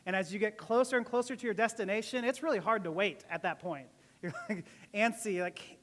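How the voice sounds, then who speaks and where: Give me a pastor in mid-range pitch delivering a relaxed, joking sermon in a reverberant hall. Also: a little fast. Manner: conversational, joking, laughs often. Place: church service.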